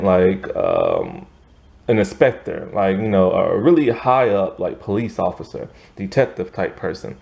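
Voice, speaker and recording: A man's voice: fairly low pitch, gravelly, darkish tone. Rambling young American man reviewing a movie. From United States. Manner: rambling, hesitant, many fillers and restarts.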